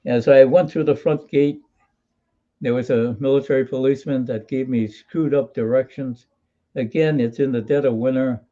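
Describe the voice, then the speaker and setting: This man, a veteran from Hawaii in his eighties, spins wry and folksy stories in an interview, restarting frequently. His mid-range voice is steady and dark-toned, moving at a moderate pace, and the sound is lo-fi.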